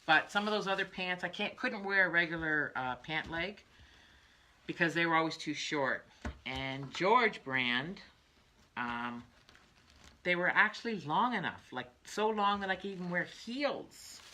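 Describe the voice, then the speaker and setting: Older lady chatting on her craft stream, low pitched, bright edgy tone, lots of laughing and side tangents. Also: animated, unhurried. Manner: chatty, laughs often, trails off into asides. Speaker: craft livestream host. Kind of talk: rambling casual chat.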